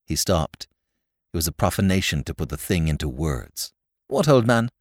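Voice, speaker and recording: A man narrating classic fiction in a wry, expressive storytelling manner. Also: a bass voice, moderate pace, no room sound, clean studio sound. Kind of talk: audiobook reading of classic fiction.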